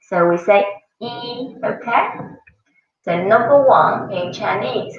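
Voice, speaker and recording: A woman teaches a classroom lesson at a slow, patient pace, saying each sound several times over. Her voice carries a gravelly edge. She is picked up from across an echoey room on a dull-sounding mic. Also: medium pitch, lively intonation, distant mic. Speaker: Mandarin teacher. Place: school classroom.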